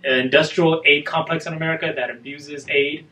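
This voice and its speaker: A man's voice: a little high, fairly even intonation, sharp tone. A man, a guest, telling blunt stories about childhood fights in a casual conversation. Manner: fast, blunt storytelling. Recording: roomy, distant mic, faint noise.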